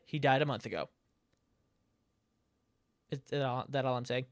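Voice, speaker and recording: A man's voice: medium pitch, moderate pace, long pauses, no echo, clean studio sound. A man narrating his gameplay in a casual, chatty way, reading chat messages aloud and reacting with laughs and the odd swear. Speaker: let's play gamer.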